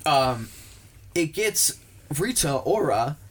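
A man's voice: fairly high pitch, sing-song, takes it slowly, slight background noise, low-quality recording. A man mimicking an old man stiffly reading.

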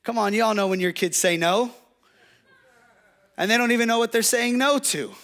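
A man's voice: very high-pitched, normal speed, a bit bright. A young adult man preaching a sermon in a church, telling stories and calling out to the congregation in a conversational way. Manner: conversational, storytelling with audience call-outs. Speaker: pastor.

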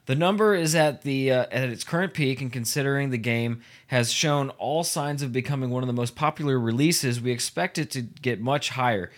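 A man's voice: medium pitch, normal speed, hardly any pauses. A podcast host with a mid-range voice reads out a gaming news article. He stays casual and loose, stumbling over words and laughing at his own slips. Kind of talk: casual chat, reading an article aloud.

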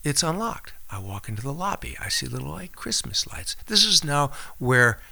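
A man's voice: fairly high pitch, very animated, moderate pace, gravelly, bright, forceful tone. An older actor telling stories from his career as a guest on a casual chat show, acting out the voices of people he quotes. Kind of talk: casual storytelling interview.

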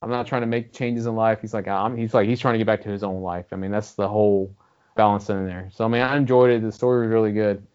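Fast-rambling man, low voice, lo-fi. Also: clean tone. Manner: rambling, animated, swears freely. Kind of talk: casual gaming chat. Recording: dull lo-fi audio.

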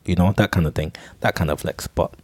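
A young man tells a solo podcast story in a very low voice, stumbling over repeated words and swearing as he goes. The recording is dry and close, with no room sound around him. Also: brisk, husky, no echo. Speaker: podcast host.

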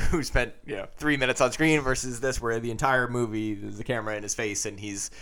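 A man's voice: medium pitch, steady tone, a little fast, fairly bright tone. A man co-hosting a casual film podcast, wry and playful, ribbing his partner while discussing film picks. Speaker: podcast co-host.

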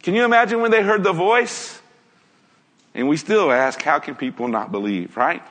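A man with a high-pitched voice preaches an earnest sermon to his congregation. He keeps asking his listeners rhetorical questions. His voice rings out with a long reverb, as if he were in a large church hall. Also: animated, moderate pace, a bit bright.

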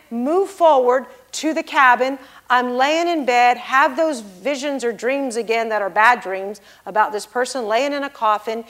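A woman giving a sermon and personal testimony, swinging between hushed, near-whispered passages and loud, emphatic exclamations as she explains scripture. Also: sits high. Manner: emphatic, expository. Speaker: preacher.

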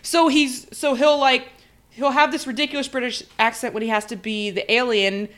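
A woman's voice: on the high side, steady tone, moderate pace, fairly bright tone. A woman co-hosting a casual film review podcast, chatty and wry, swearing now and then. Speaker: podcast co-host. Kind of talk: casual movie review chat.

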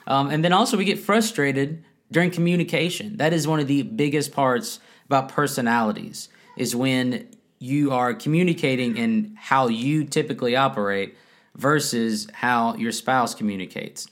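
A man in his thirties co-hosting a casual faith-based marriage talk at home, animated and laughing often as he acts out quotes. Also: medium pitch, normal speed. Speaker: podcast co-host. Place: home room, kids nearby.

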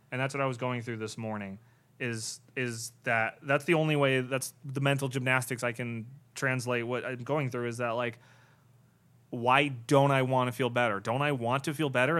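A man with a medium-pitched, slightly bright voice co-hosts a podcast, speaking in an earnest, searching way with frequent restarts. The conversation is candid podcast chat.

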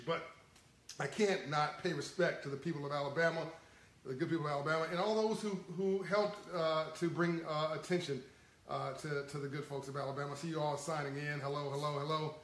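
A man hosting a livestream in a casual, animated and folksy way, chuckling as he talks to his viewers. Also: fairly high pitch, roomy sound, poor audio. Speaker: livestream host.

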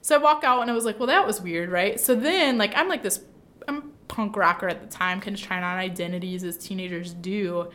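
A woman's voice: mid-range voice, brisk. A young woman from the Midwest telling a personal story in casual chat, talking chattily with lots of fillers. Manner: chatty, lots of "like", animated retelling.

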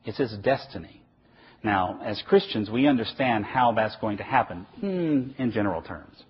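Middle-aged male preacher, husky voice, lively emphatic sermon delivery, dull lo-fi recording. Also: lowish voice, moderate pace. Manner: animated, emphatic, asks and answers his own questions. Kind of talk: sermon lecture.

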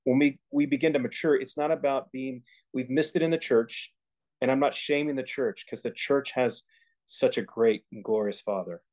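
A man's voice: mid-range voice, normal speed, darkish tone. A man co-hosting a faith podcast, talking earnestly in a casual chat and often restarting his sentences. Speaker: podcast co-host.

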